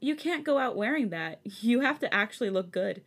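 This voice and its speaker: A woman's voice: fairly high pitch, expressive, moderate pace, breathy edge. A woman reading as a teasing young boyfriend.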